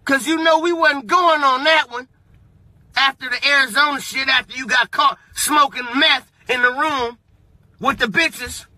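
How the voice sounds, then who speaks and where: A man in a profane, mocking rant to his viewers, sometimes bursting into shouts. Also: extremely high pitch, unhurried, no echo. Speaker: vlogger. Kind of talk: ranting monologue.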